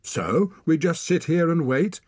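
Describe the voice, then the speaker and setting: A fierce, anxious young boy, as a man reads him in an audiobook, sharp and clipped. The voice is husky and lifted a little above the reader's own, with a dry close sound. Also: a little high, animated, unhurried, no room sound, pitched above the performer's own voice. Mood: angry. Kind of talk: audiobook character voice.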